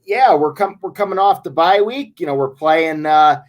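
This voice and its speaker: High-voiced man hosting sports talk. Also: lively intonation, highs cut off. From Las Vegas area. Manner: halting, with stammered restarts and many "you know"s. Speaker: sports show host.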